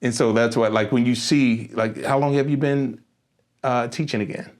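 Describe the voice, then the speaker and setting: A middle-aged man hosting a casual podcast chat. He tells stories with lots of energy, laughs often and trips over his words, doubling them as he goes. His voice sits at an ordinary middle pitch. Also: moderate pace. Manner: animated storyteller, laughs often, repeats words. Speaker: podcast host.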